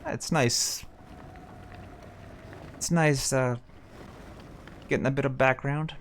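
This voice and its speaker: A man's voice: mid-range voice, steady tone, takes it slowly, slight background noise. A man streaming a fantasy role-playing game, making wry, joking asides to his chat between stretches of dialogue. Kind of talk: casual gameplay commentary.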